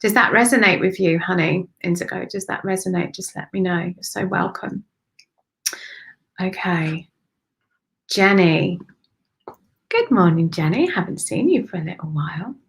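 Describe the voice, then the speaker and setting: A woman's voice: lowish voice, lively intonation, moderate pace, creaky, pauses often, rough recording. A woman spiritual medium giving a live-streamed psychic reading to viewers, affectionate and repetitive, calling them darling and honey.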